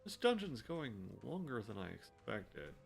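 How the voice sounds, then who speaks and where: A man's voice: medium pitch, wildly swooping pitch, unhurried, gravelly. A man streaming a game, chatting casually and self-deprecatingly with his viewers while he plays. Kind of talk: casual gameplay commentary. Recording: faint music in the background.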